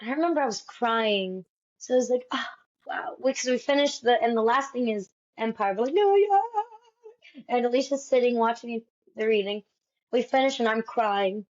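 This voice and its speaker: A Broadway actress telling stories in a casual interview, animated and peppering her talk with "like". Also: on the high side, fairly quick. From United States. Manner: animated, fills speech with "like". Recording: dull lo-fi sound.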